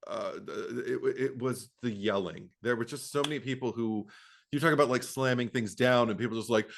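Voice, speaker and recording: Animated man chatting about a movie. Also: medium pitch, a little fast, vocal fry, slight background noise. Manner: animated, acts out quotes, stammers, laughs while talking. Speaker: podcast co-host. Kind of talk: casual film discussion.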